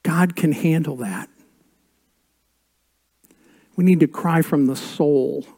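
An older man preaching a sermon as a pastor, with dramatic pauses and drops to a hush on key words. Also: a little high, vocal fry, slightly rough.

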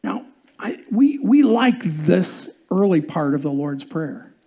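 A man's voice: high-pitched, very animated, slow pace, mellow, husky. A male pastor preaching a sermon in a conversational way, often asking the congregation questions.

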